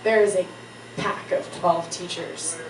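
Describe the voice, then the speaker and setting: A woman's voice: fairly low pitch, steady tone, a little slow, gravelly. Young woman telling a story on stage. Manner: casual, profane, laughing often. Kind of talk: live comic storytelling. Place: stage before a live audience. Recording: echoey room, distant mic, audience noise.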